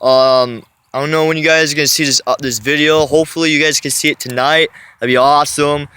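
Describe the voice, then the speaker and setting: A man's voice: fairly high pitch, fairly even intonation, fairly quick, pushed and bright, clean tone. A man telling a story in a casual vlog, rambling with many restarts, recorded on his phone. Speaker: vlogger.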